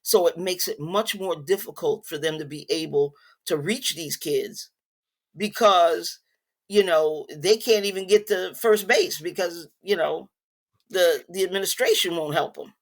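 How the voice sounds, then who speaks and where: Stern, animated woman boxing coach. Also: fairly low pitch, a little slow. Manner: stern, animated storytelling with many restarts. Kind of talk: casual interview talk.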